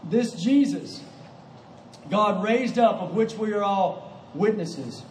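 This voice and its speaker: A man's voice: high voice, lively intonation, slow, darkish tone, roomy sound, recorded from a distance, a little hiss or hum, rough recording. A man preaching a sermon in a church, emphatic and full of rhetorical questions. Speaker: pastor. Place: church sanctuary.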